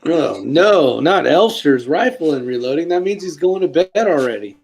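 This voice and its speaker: A man hosting a casual live stream, laid-back and quick to laugh, reading viewer comments aloud. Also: a little high, animated, vocal fry, darkish tone, husky. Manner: calls his own voice a sleepy DJ voice. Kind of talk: casual chat.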